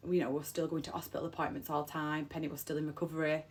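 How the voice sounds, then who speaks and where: A woman's voice: low voice, flat delivery, rapid-fire, slightly rough. A woman, an emotional mother of three telling a personal story, close to tears and repeating herself. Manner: heartfelt, rambling, repeats phrases. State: on the verge of tears.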